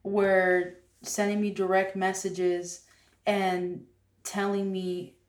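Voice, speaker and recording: Woman, casual storytelling, animated, says "like" a lot, mid pitch, roomy, off-mic. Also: slow, far from the mic. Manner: animated, heavy use of "like". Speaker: guest artist.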